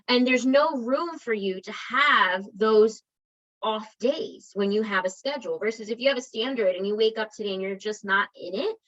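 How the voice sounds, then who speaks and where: A woman's voice: a little high, normal speed, a bit bright, dull audio. A woman wellness coach giving a conversational motivational talk to an online group, encouraging and often checking in with her listeners.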